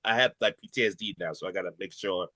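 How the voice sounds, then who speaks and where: Quick, bright-voiced man telling stories. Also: low-pitched, no room sound. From Nigeria. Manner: animated, acts out quoted voices in his stories. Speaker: comedian and podcast co-host. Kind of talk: casual chat, storytelling.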